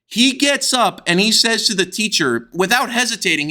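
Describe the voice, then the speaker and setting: A young man from the United States telling a crude, excitable storytime with plenty of swearing. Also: high-pitched, normal speed, few pauses. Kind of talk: animated storytime vlog.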